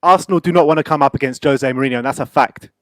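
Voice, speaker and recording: A man's voice: medium pitch, racing, a bit bright, dry recording. A man hosting a fan phone-in, upbeat and chatty. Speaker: host.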